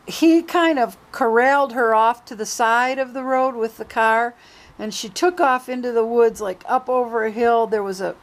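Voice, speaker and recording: A woman's voice: on the high side, low-quality recording. A woman recording a daily vlog, relating a long story in a casual, chatty way. She slips quoted dialogue into the telling. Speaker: vlogger.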